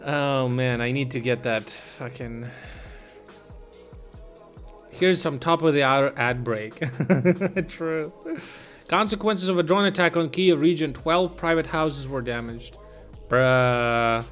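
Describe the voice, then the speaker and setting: A man's voice: mid-range voice, slow pace, fairly bright tone, faint music behind. A man streaming live news commentary, reading headlines aloud in an irreverent way, swearing and laughing at his own jokes.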